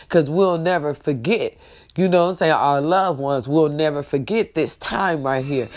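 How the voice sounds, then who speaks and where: A woman in a casual, heartfelt livestream talk. She speaks straight to her viewers, repeats herself, and fights back tears while praising God and her family. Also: low-pitched. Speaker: online show host.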